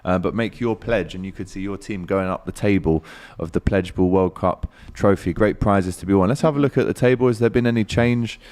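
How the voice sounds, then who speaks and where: A man's voice: low-pitched, a little fast, hardly any pauses, darkish tone. A man hosting a live football chat show, laid-back and chatty with plenty of filler sounds. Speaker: show host.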